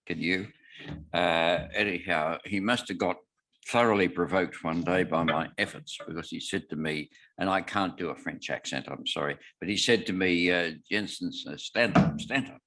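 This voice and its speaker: An older man with an Australian accent giving a lecture, dry and humorous, halting with frequent filler sounds. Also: sits low, bright, forceful tone, slight background noise. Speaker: guest speaker. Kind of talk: lecture on scripture.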